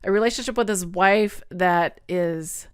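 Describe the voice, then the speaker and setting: Casting: woman podcast host, smooth clear voice, earnest and emotional, chatty recap. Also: fairly low pitch, unhurried. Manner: earnest and chatty, often laughing; emotional, near tears. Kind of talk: casual episode recap.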